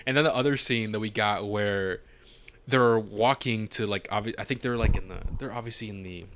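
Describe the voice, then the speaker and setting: A man co-hosting a podcast, giving relaxed, slangy movie criticism and mimicking stiff film dialogue. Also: lowish voice, moderate pace. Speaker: podcast co-host. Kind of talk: casual movie review chat.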